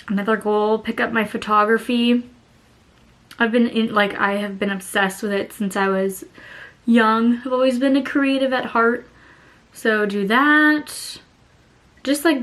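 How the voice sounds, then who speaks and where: A woman's voice: a little high, a bit bright. Chatty thirty-year-old woman vlogger. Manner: candid and chatty, swears casually. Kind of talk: casual vlog chat.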